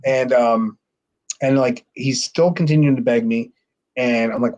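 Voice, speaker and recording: A man, a former pro wrestler guesting on a podcast, telling a rambling, profane story and mimicking others in a high voice. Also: unhurried, lo-fi sound. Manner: animated, mimics others with sharply raised pitch. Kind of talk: casual storytelling.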